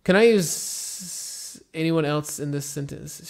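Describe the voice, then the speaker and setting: Young male English teacher, gravelly voice, easygoing live-stream lesson pace. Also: fairly high pitch. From United States. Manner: relaxed, slow repetitions of example phrases, mixes in Turkish.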